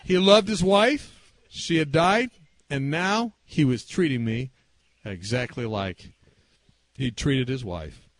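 A man preaching a sermon through a personal story, animated and swinging between loud and hushed delivery. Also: medium pitch, takes it slowly.

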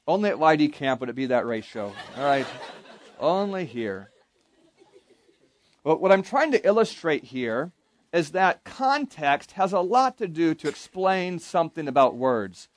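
A camp Bible teacher with a higher-than-average voice is very animated yet speaks a little slowly as he runs an interactive lesson for young campers, asking questions and leading call-and-response. There's no echo.

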